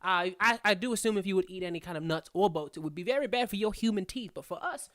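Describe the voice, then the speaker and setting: A man's voice: sits high, quick pace, fairly bright tone, dry recording, studio quality. A man voicing a fussy, stammering, overly polite male clock gnome who talks in a folksy way and calls people sir.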